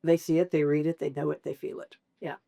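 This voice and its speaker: Middle-aged woman talking about caregiving, kinda low voice, animated, jumps way up in pitch when she acts out what people say. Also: fast, gravelly. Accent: Southern American. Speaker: guest, family caregiver. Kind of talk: candid conversational interview.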